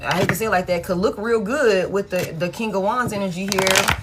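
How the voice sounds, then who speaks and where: A woman's voice: medium pitch, a little fast, noisy background. A woman giving a casual live tarot reading, blunt and frank, swearing freely and repeating herself for emphasis. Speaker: tarot reader.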